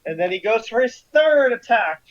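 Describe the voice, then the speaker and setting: A man running a tabletop game as game master, calling out rolls and damage in a relaxed, chatty way with frequent fillers, on dull lo-fi audio. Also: very high voice, moderate pace.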